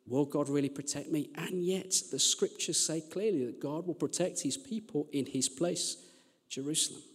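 A man's voice: fairly high pitch, normal speed, breathy edge, big-room sound. A man from Birmingham, preaching a sermon in a chatty, self-deprecating storytelling manner, often restarting his sentences. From Birmingham, England.

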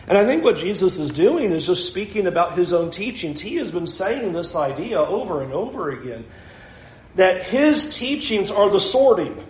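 High-voiced man preaching in an echoey room. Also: normal speed, slight background noise. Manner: animated, acts out quoted voices. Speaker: pastor. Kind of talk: sermon.

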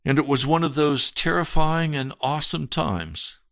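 A man's voice: a little high, lively intonation, normal speed, creaky, a bit bright, no room sound, clean studio sound. A male pastor telling his personal testimony in a sermon, earnest and storytelling, with dramatic swells.

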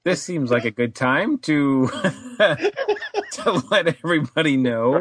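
A man's voice: a little high, wildly swooping pitch, slow pace, fairly bright tone, slightly rough, dry recording. A man hosting a podcast, chatting easily and steering the conversation along. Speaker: podcast host. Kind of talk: casual podcast chat.

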